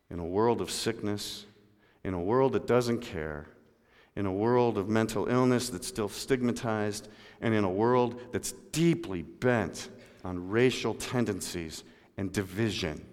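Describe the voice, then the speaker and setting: A man preaching a sermon in a church, moving between loud emphatic lines and low hushed ones and speaking to people in the room by name. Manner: addresses congregation members by name. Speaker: pastor. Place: church sanctuary. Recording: long hall reverb.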